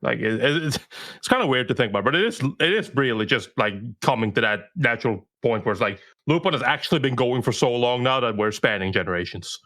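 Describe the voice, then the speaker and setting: A man co-hosting a podcast, chatting casually in an animated, insistent way. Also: mid-range voice, quick pace. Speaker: podcast co-host.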